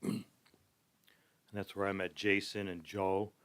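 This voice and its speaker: A man's voice: low voice, little pitch movement, fairly bright tone, no room sound. A middle-aged man, a skatepark ramp builder, telling long rambling stories in a casual podcast chat and agreeing often. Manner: rambling storyteller, quick to agree.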